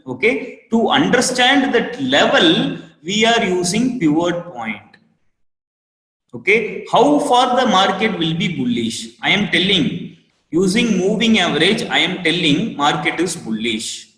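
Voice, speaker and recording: Repetitive Indian-accented trading teacher, high voice. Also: male voice, big pitch swings, a bit bright. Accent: Indian English. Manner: repetitive, asks class for quick yes. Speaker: trading course instructor. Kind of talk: live online class lecture. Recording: roomy echo with long reverb.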